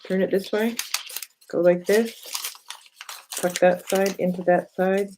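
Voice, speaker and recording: A middle-aged woman chatting through a crafting demo at her table at home. She rambles, thinks aloud and addresses viewers by name in a plain mid-pitched voice, with a faint hiss behind her. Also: steady tone, unhurried. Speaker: craft livestream host.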